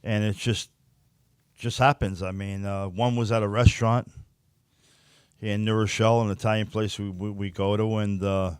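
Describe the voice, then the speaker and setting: A man's voice: fairly low pitch, flat delivery, moderate pace, smooth, dry recording, clean studio sound. An older man with a New York accent, bluntly telling stories as an interview guest and often repeating words. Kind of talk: casual storytelling.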